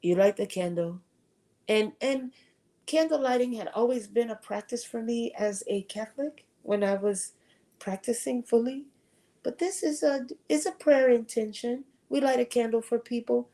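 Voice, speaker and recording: A woman's voice: on the high side, moderate pace, mellow. A woman giving a conversational faith talk at a retreat, sharing earnest personal testimony. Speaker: retreat speaker.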